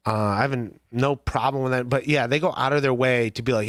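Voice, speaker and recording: This man from Ohio hosts a podcast livestream, rambling casually with frequent laughs, many restarts, and plenty of fillers. He speaks fairly quickly in a medium-pitched, fairly bright voice, recorded with clean studio sound and no room sound.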